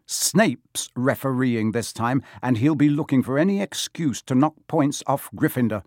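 A man voicing a driven, bossy young sports captain who yells at his team. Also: mid-range voice, lively intonation, moderate pace, dry recording, clean studio sound, pitched above the performer's own voice, natural voice. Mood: angry. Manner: yelling, commanding.

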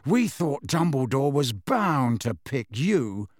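A man's voice: on the high side, a little slow, dry recording, clean studio sound, lightly acted. George, a man doing a wry teenage joker. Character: teasing teenage twin boy, wry joker.

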